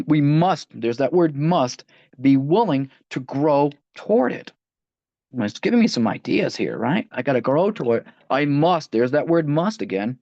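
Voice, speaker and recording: A man's medium-pitched, darkish voice comes through a dry, dull lo-fi recording. He's leading a line-by-line study of a recovery book, chatting conversationally and restarting phrases often as he reads aloud.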